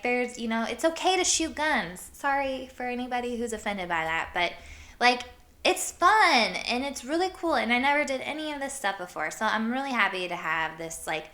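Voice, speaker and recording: Podcast host, woman from Iowa; bright, sharp voice; loose, chatty storytelling, filler-heavy. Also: a little high. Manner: rambling, full of "like", laughs often. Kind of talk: casual storytelling chat.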